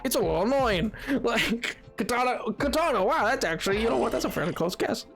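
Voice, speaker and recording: A playful streamer, a man, hams it up in a put-on 1920s radio announcer accent, his pitch swinging widely as he chatters at his chat and laughs often. Faint game music hums behind him. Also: animated, brisk, creaky, fairly bright tone. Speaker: live streamer. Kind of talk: casual live-stream chat while gaming.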